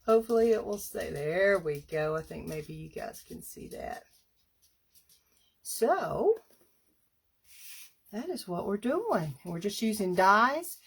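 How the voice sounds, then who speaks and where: Slow-talking woman hosting a craft live stream. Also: medium pitch, sing-song. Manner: slow, chatty, clears throat often.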